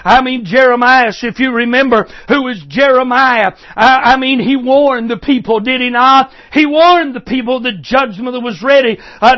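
A man's voice: very high voice, dull audio. A man preaching a sermon with fervent, repetitive phrasing and frequent fillers.

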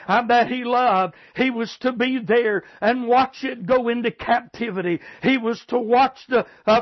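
A man's voice: very high-pitched, dry recording, dull audio. A male preacher delivering a fervent sermon, often repeating phrases and using filler sounds.

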